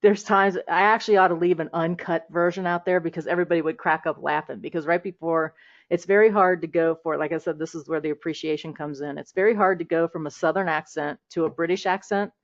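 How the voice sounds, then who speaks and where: A chatty woman hosts a relaxed interview over a video call, laughing often and restarting her sentences as she goes. Her voice sits a little low. The audio is a bit dull and muffled. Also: quick pace. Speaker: host. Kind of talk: casual interview chat.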